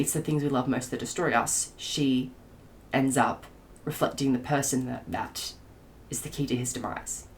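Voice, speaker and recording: A woman with a low voice talks through a book she loves in a casual spoiler rant to camera. She gushes, trips over her own words and starts sentences again as her excitement runs ahead of her. A faint hiss sits under her voice. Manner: gushing and excitable, with many restarts. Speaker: book reviewer.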